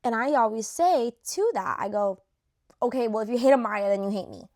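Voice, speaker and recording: A young woman vlogs in casual chat while ranking a reality show's cast, gushing and chatty, leaning on "like" and dropping swear words. She's losing her voice, which sounds a little worn; it's fairly high, a little fast and a little mellow.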